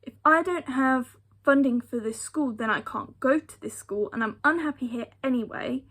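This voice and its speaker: A woman's voice: high voice, fairly bright tone. A young British woman telling a personal story vlog-style, emphatic and given to repeating phrases for effect. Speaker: vlogger. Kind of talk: storytime retelling.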